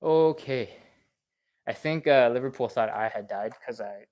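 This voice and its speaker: A man leading a live stretching session, chatty and encouraging, talking fast and a little out of breath. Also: mid-range voice, a little mellow. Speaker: stretching instructor. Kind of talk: live-streamed workout coaching.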